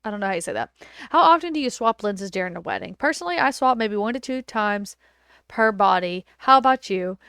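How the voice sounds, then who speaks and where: A woman hosting a laid-back podcast from home, talking casually and animatedly as she tells a story or answers a question. Her voice sits at an ordinary middle pitch and sounds dry and close to the mic, with no room echo. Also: brisk, clear, resonant tone. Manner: animated, chatty, lots of fillers and quoted dialogue. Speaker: podcast host, wedding photographer.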